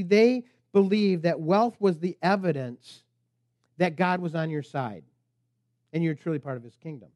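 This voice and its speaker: A man's voice: high-pitched, a little mellow, dry recording. A man preaching a sermon as pastor, emphatic and preacherly, at times speaking the tempter's lines.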